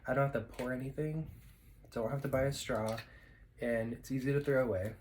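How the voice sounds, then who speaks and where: A man's voice: mid-range voice, steady tone, a little fast, darkish tone, a little hiss or hum, low-quality recording. Chatty man rambling over dinner. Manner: rambling and chatty, with many fillers. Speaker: vlogger. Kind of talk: casual eating vlog chat. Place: at home, eating at a table.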